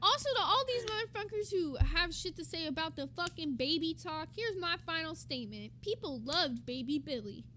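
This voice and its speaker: A woman's voice: very high voice, expressive, moderate pace, few pauses, bright, forceful tone, a little hiss or hum. A woman co-hosting a livestream in loose, chatty talk, full of fillers and casual cursing. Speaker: livestream co-host.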